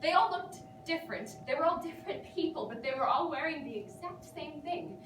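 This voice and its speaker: Her voice high, expressive and a little fast, a young woman acts out a comic stage monologue as a neurotic patient rambling to her therapist and giggling while she talks. The actor is heard through a distant mic in a reverberant room with background noise.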